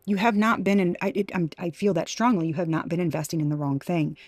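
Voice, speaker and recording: A woman's voice: on the low side, steady tone, quick pace, darkish tone, dry recording. A woman giving an intuitive tarot reading to her viewers, talking emphatically with many restarts and exclamations. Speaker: tarot reader.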